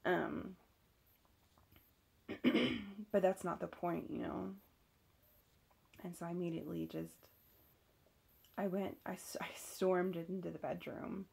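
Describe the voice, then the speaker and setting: Husky, gravelly woman telling her story. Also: lowish voice, a little mellow. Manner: candid, swears, many fillers. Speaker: vlogger telling a personal story. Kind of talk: casual storytelling.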